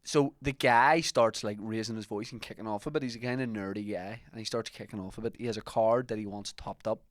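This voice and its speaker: A man's voice: fairly low pitch, fairly even intonation, brisk, no echo, clean studio sound. A young man co-hosting a podcast, telling a long self-mocking anecdote in casual chat. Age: young adult. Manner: rambling anecdotes, self-mocking, laughs at himself. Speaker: podcast co-host.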